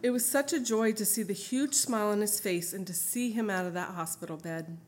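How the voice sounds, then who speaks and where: A woman's voice: mid-range voice, brisk, slight background noise. A middle-aged woman sharing her family's story as a mother, reading from her account and then telling an anecdote off-script in an earnest, emotional way.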